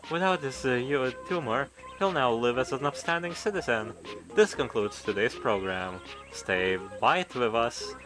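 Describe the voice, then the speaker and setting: A cruel, showy host with a mocking, sing-song delivery, put on by a man reading the game. His voice sits at a middle pitch. Game music plays clearly behind him. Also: animated, measured pace, close to an everyday voice, poor audio. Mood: gleeful. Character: smug cruel male show host staging a trial.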